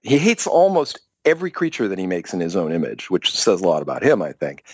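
A man being interviewed as a guest author, speaking in an animated, expressive way in a casual podcast conversation. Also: low voice, quick pace, no room sound, studio quality.

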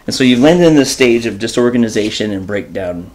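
A man hosting an informal enrichment lesson, animated and chatty as he reads from a children's book. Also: mid-range voice, brisk, few pauses. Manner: animated, informal, many fillers. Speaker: host and teacher.

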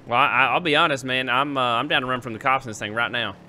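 A man's voice: medium pitch, steady tone, quick pace, sharp tone, a little hiss or hum. A young man with a drawl, joking and bantering in a casual roleplay game with a rowdy manner. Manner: rowdy joking drawl, makes siren noises. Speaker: streamer playing a roleplay character.

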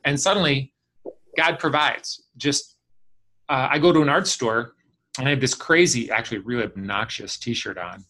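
A man's voice: medium pitch, normal speed. A man speaking as a guest on a video call, telling a long story and acting out the people in it. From Chicago area. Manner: animated storyteller acting out quoted voices. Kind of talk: storytelling in an online class.

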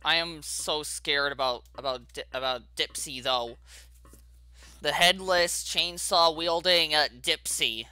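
A man hosting his gaming channel, narrating a horror game as he plays, jittery and saying how scared he is, with sudden loud yelps. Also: a little high, fairly even intonation, takes it slowly, clear, resonant tone, no room sound. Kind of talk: horror game let's play commentary.

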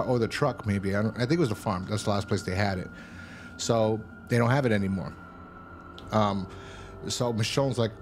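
A man's voice: fairly low pitch, a little hiss or hum. A man giving a rambling, casual recap of a TV episode, retelling scenes in loose "he's like" quotes. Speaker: TV episode reviewer.

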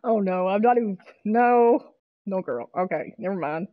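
A woman streaming a game live, chatting casually with viewers, excitable and swearing freely. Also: mid-range voice, moderate pace, dry recording, phone-quality sound.

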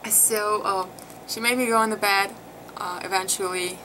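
A woman's voice: mid-range voice, fairly even intonation, normal speed. A woman casually recounting a personal experience to her viewers, emotional and chatty, with many fillers. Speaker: mother telling her birth story. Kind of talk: casual vlog storytelling. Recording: clear background noise.

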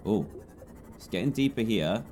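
A man's voice: expressive, normal speed, a little hiss or hum. A man in his twenties with an English accent, chatty and jumpy as he commentates his own gameplay. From England. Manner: jumpy, chatty, swings between low mutters and loud yelps. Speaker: gaming YouTuber.

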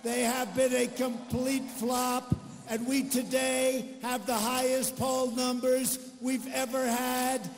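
A man's voice: extremely high pitch, flat delivery, slow pace, in a large hall, soft background music. An older man giving a political rally speech, boastful and repetitive, full of off-the-cuff asides. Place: large arena rally.

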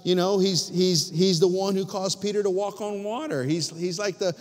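Male pastor, higher-pitched, emphatic sermon delivery with hushed drops, long church-hall reverb. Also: steady tone, normal speed. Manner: emphatic preaching with many restarts and dramatic drops to near-whispers. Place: church sanctuary.

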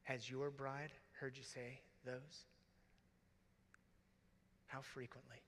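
A middle-aged man, a deacon, preaching earnestly and from the heart at a conference, sometimes dropping to a hush. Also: mid-range voice, flat delivery, slow. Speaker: deacon speaking to priests. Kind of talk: conference sermon. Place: large conference hall. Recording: reverberant hall.

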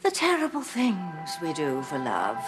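A woman's voice: deep voice, wildly swooping pitch, measured pace, music in the background, heavily acted. An actress playing a theatrical wicked witch mother who is proud of being bad, in a soap opera. She speaks in a drawling, mock-sweet, arch way. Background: loud dramatic score.

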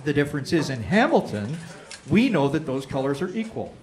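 High-voiced man roasting on stage. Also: brisk, very noisy. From Canada. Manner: brash, deadpan insult punchlines. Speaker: roast battle comedian. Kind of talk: stand-up roast. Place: comedy club stage. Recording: live club with crowd laughter.

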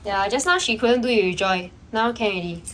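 A woman's voice: medium pitch, a little fast, slight background noise, low-quality recording. A young woman, chatting casually in a vlog and explaining things with lots of "like" fillers. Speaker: vlogger.

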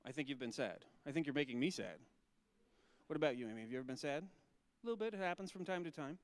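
A male pastor talking gently with children and asking them questions, then reading scripture slowly and solemnly. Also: fairly high pitch, animated, dry recording.

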